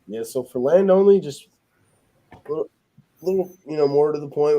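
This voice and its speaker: A man's voice: a little high, moderate pace, warm tone, rough recording. A man casually coaching his sales team on a live stream, loose and full of fillers, acting out both sides of seller calls. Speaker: acquisitions lead manager coaching a live feed.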